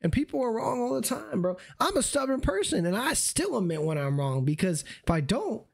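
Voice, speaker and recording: A man's voice: extremely high pitch, big pitch swings, brisk, vocal fry. A man chatting casually on a live stream, slangy and repetitive, saying he is losing his voice. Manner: slangy, repeats "you see what I'm saying".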